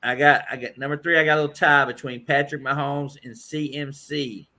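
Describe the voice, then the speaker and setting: A man on a casual sports podcast, running through a ranked list in a relaxed way. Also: medium pitch, fairly quick.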